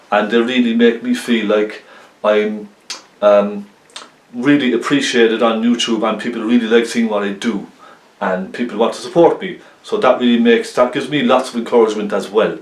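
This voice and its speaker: A man talking through a painting tutorial in a friendly, rambling way, full of ums and "isn't it?" tags. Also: medium pitch. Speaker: painting teacher. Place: painting studio, indoors. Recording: echoey studio room.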